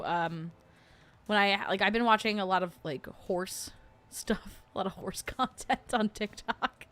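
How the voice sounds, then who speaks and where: A woman's voice: fairly high pitch, pushed and bright. A young adult woman hosting a casual livestream, rambling with lots of fillers and frequent giggles. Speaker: host.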